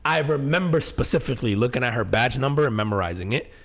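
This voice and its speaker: A middle-aged man spins a story on a podcast, swearing freely and tripping over his own restarts. His voice sits at an ordinary pitch but jumps up and down as he acts out the scene. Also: quick pace. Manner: animated, profane, many fillers and restarts. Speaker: podcast co-host. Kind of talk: casual storytelling chat.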